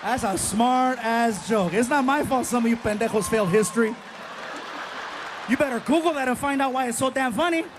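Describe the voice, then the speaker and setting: A man doing stand-up comedy, telling a story in an animated way and acting out the voices of the people in it. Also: very high-pitched, fast talker, crowd noise, noisy background.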